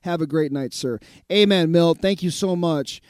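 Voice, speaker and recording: A man's voice: a little high, moderate pace, a little mellow, no echo, clean studio sound. A man who pastors a radio show, preaching emphatically and reading out listener messages. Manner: emphatic preaching, repeats phrases.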